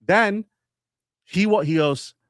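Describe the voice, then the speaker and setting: A man's voice: slow pace, dry recording, studio quality. A man co-hosting a podcast, telling a true-crime story in casual banter and acting out quotes. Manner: animated, acts out quotes with big jumps in pitch. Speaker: podcast co-host.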